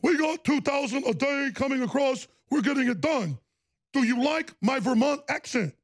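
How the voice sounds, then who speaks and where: A man's voice: very high voice, expressive, normal speed, voice pushed up. A man putting on a mocking impression of a smug male politician.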